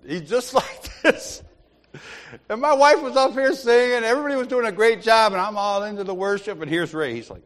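A man's voice: high-pitched, fairly quick, a bit bright. A man giving an informal church teaching, telling anecdotes, often laughing and acting out the people in his stories. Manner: storytelling, laughs often, acts out others. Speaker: lay preacher. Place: church sanctuary. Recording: long hall reverb.

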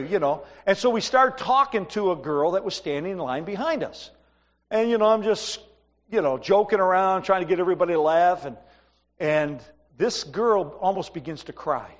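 A middle-aged male pastor with a high, lifted voice tells stories from the pulpit in a loose, chatty way. His words ring out with a long reverb. He sounds like he is in a church sanctuary. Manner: storytelling, conversational, animated asides. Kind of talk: sermon.

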